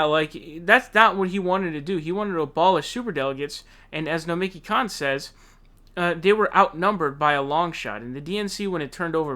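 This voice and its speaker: Male commentary host, high-pitched, heated and profane, casual rant. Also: bright, forceful tone.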